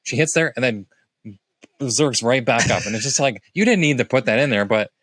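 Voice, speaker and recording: A man's voice: fairly quick, no room sound. A man co-hosting a podcast, recapping a film in casual chat and acting out quoted lines. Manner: animated, acts out quoted lines in higher voices. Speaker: podcast co-host. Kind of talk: casual movie review chat.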